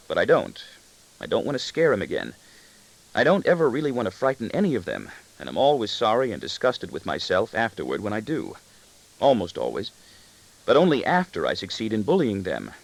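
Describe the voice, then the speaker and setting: Creaky-voiced man reading a novel aloud. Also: fairly low pitch, rough recording. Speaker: audiobook narrator. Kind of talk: first-person literary narration.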